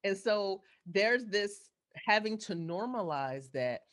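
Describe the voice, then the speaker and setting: A woman's voice: medium pitch, expressive, takes it slowly, a bit bright. A woman hosting a casual chat, reflecting aloud and asking probing questions.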